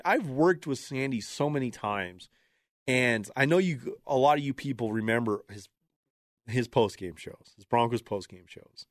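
Lively man telling a story. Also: medium pitch, no echo, studio quality. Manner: animated, laughing, acts out shouted quotes. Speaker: radio producer and podcast host. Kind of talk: casual solo storytelling.

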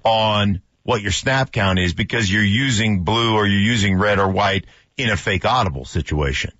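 A man's voice: lowish voice, normal speed, a bit bright, no echo, muffled recording. A man, a former lineman and co-host, casually chats about football codes on a radio show. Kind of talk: casual sports radio chat.

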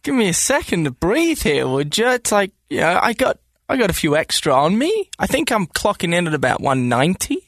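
A man's voice: high-pitched, big pitch swings, brisk, few pauses, fairly bright tone, dry recording, clean studio sound. A man in his thirties co-hosting a podcast, bantering casually and playfully defending himself. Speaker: podcast co-host. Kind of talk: casual chat.

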